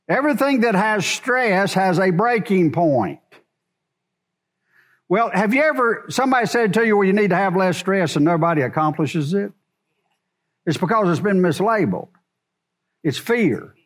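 A man's voice: high-pitched, big pitch swings, unhurried, long pauses. A man preaching a sermon to a congregation in a church, asking rhetorical questions as he goes. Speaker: pastor.

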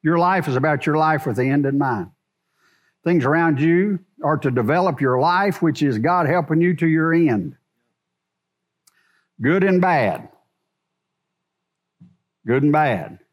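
A man preaching a sermon to a congregation in a church, asking rhetorical questions as he goes. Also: a little high. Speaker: pastor.

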